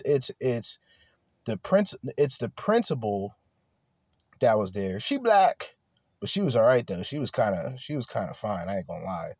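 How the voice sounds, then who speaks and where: A man's voice: medium pitch, a little mellow, husky, dry recording, clean studio sound. Blunt, profane man ranting casually. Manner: blunt, profane, rambling with restarts. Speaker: podcast host. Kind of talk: casual monologue.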